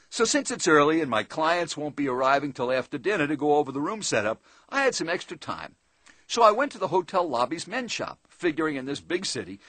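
Male sales trainer, chatty seminar storytelling, lively, slightly husky. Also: fairly high pitch, no room sound. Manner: conversational, addresses listener directly, asks tag questions.

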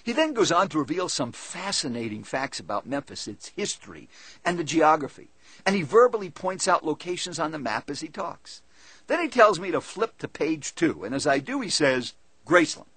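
Husky-voiced male speaker, animated storytelling, higher-pitched delivery. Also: moderate pace, dry recording. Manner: lively, conversational, animated storytelling. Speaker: seminar speaker. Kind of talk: first-person storytelling talk.

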